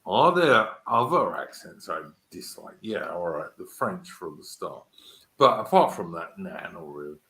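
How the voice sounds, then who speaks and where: Bright, lively Cockney host in an echoey room. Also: male voice, low-pitched, unhurried. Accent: London Cockney. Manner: opinionated, interrupts. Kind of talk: casual panel chat.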